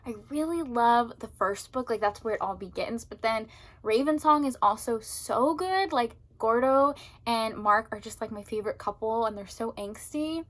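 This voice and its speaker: Young woman rambling about a book she loves, kinda high voice, super emotional, lots of likes. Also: a bit bright. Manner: gushing, emotional, chatty with many fillers. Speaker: book vlogger. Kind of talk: casual chat. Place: at home.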